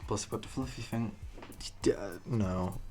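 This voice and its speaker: A man's voice: fairly low pitch, moderate pace, dark tone, soft background music. A young man giving rambling, casual commentary on a game he is playing, swearing freely and laughing at his own jokes. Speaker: let's play gamer.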